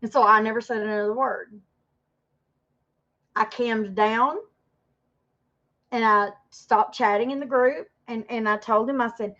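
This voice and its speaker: A woman's voice: on the high side, fairly even intonation, unhurried, long pauses, pushed and bright. A woman in her fifties ranting defensively and rambling on a casual livestream, turning aside to greet viewers in the chat. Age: 50s. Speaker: livestream host. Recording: dull lo-fi stream audio.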